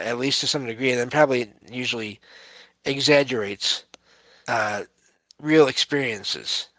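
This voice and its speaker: A man's voice: mid-range voice, a bit bright, dry recording, rough recording. A man hosting a paranormal podcast, reading listener stories and musing on them with frequent fillers and restarts. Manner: hesitant, many fillers and restarts. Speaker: podcast host.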